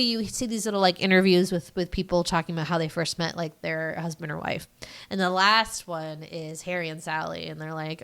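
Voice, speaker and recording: Chatty woman with a smooth, lowish voice. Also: brisk, fairly bright tone. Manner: rambling, filler-heavy retelling with acted quotes. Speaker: podcast co-host. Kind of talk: casual movie recap chat.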